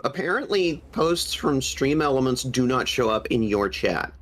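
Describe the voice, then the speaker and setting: Husky-voiced man with a cold. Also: medium pitch, lively intonation, moderate pace, fairly bright tone, rough recording. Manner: chatty, explains game lore eagerly. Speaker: gaming streamer. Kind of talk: casual gaming stream chat.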